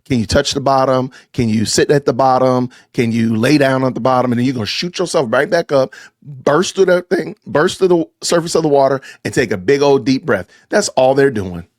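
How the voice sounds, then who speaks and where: A man hosting a podcast, reacting to a sermon clip with sarcastic, animated commentary aimed straight at his listeners. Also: mid-range voice, fairly quick, no room sound, studio quality. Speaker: podcast host.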